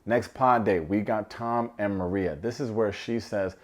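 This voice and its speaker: A man's voice: fairly low pitch, unhurried. Joking, sarcastic man recapping a show. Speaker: TV recap reviewer. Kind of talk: casual comedic recap.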